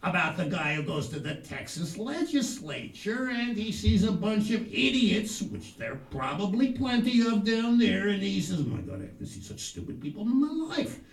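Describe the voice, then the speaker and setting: A man's voice: sits high, very animated, normal speed, hardly any pauses, pitched above the performer's own voice. A man voicing a folksy male political friend who confides advice and tells an old joke. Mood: confiding. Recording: roomy, distant mic.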